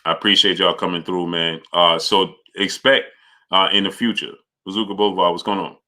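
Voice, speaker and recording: A man hosting a live boxing stream, greeting viewers by name and arguing his points forcefully. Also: low voice, fairly even intonation, brisk. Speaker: boxing channel host. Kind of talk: live-stream chat and commentary.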